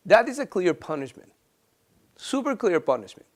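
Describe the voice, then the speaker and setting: A man's voice: high-pitched, sing-song, normal speed, pauses often. A man teaching a parenting class, explaining ideas and acting out little dialogues between a parent and a child. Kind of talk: explanatory talk to camera.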